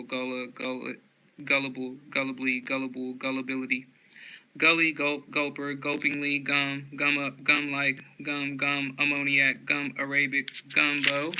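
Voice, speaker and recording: A man reading dictionary entries aloud, slowly and flatly, one word after another. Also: medium pitch, clear, resonant tone, poor audio. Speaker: dictionary reader.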